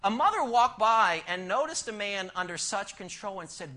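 A male pastor preaching in a high, bright voice. He throws rhetorical questions at the congregation and keeps shifting between hushed and loud lines and between fast and slow pacing. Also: big pitch swings. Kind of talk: sermon.

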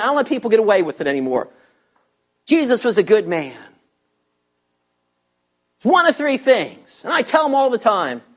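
A man preaching a sermon, teaching verse by verse and asking his listeners rhetorical questions with strong emphasis. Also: sits high. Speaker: pastor.

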